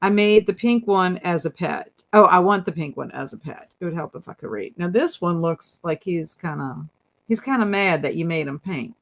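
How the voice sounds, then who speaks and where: A woman's voice: lowish voice, animated, moderate pace, creaky. A woman hosting a casual livestream, chatting and reading viewer comments aloud, laughing often. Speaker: livestream host.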